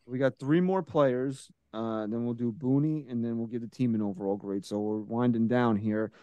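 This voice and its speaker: A man hosting a sports podcast, ranting casually and profanely, getting loud and heated. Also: medium pitch, normal speed, no room sound, muffled recording. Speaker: podcast host.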